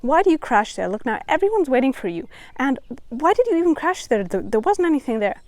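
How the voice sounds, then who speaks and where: A woman's voice: high-pitched, sing-song, brisk, a little mellow, no room sound, pitched above the performer's own voice. A woman voicing the nagging, scolding voice in someone's head. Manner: scolding, accusing. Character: nagging, scolding inner critic voice, female.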